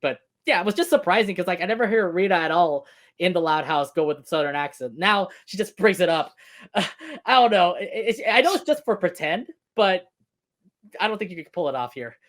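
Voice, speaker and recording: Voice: mid-range voice, expressive, a little fast, a bit bright. Giggly casual stream co-host. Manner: chatty, laughs often between points. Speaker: co-host of a cartoon review stream. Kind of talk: casual review chat.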